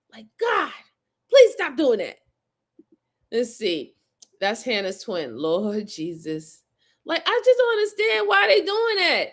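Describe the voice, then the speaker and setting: A woman's voice: high-pitched, big pitch swings, takes it slowly, pauses often, a bit bright. A woman hosting a crime reaction show, talking casually to her chat in a blunt, exasperated way, cursing and laughing often. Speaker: host reacting to crime videos.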